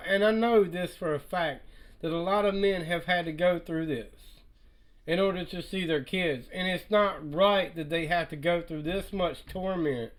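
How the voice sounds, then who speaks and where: Man reacting to a clip for viewers, high pitch, emphatic and repetitive. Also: rough recording. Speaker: reaction video commentator. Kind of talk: reaction commentary.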